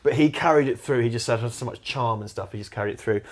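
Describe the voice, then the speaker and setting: A young man co-hosting a casual film commentary, animated and opinionated, swearing freely. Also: medium pitch, fast talker. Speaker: podcast co-host.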